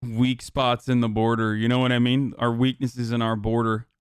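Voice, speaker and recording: Male streamer host, casual and sarcastic, smooth close voice, dry sound. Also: mid-range voice, flat delivery, moderate pace, no echo. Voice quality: loose, sarcastic, swearing. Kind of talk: casual live-stream commentary.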